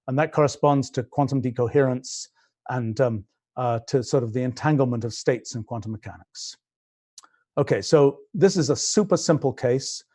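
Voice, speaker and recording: British man, 60s, physics presenter, livestream explanation, halting restarts, fillers, mid-range pitch. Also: dark tone. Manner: thinking aloud, frequent restarts and fillers. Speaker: scientist presenting his project.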